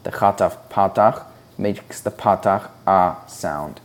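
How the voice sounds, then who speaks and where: A man's voice: low-pitched, slow. A man teaching a Hebrew reading lesson, explaining patiently and sounding out syllables one at a time. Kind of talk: slow, deliberate instructional explanation.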